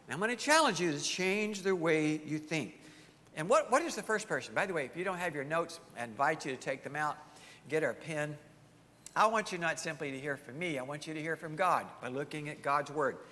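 A man's voice: on the high side, expressive, a little fast, sharp tone, big-room sound. A male pastor preaching a sermon emphatically, firing off rhetorical questions to his congregation.

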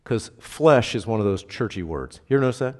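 Fairly low in pitch and expressive, this man preaches at a fairly quick clip in a reverberant hall. He's a pastor whose casual, conversational sermon keeps asking the congregation questions and stresses key words in emphatic bursts.

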